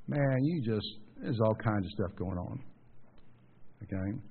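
A man's voice: lowish voice, expressive, measured pace, pauses often, breathy edge. A man preaching a sermon in a conversational way, asking the congregation questions and acting out the people he quotes. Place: church. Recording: phone-like sound with long hall reverb.

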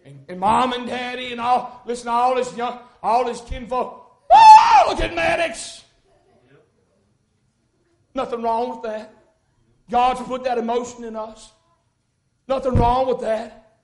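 A man preaching a sermon in a church, folksy and rising into fervent shouts. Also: extremely high pitch, steady tone, unhurried. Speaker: pastor. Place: church sanctuary. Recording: echoey church room.

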